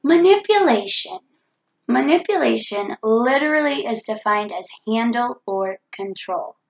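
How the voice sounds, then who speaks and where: A woman's voice: on the high side, roomy sound, lo-fi sound. Earnest woman vlogging with a cold. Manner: earnest, preachy, repeats key phrases. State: has a cold. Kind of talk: reflective self-help vlog monologue.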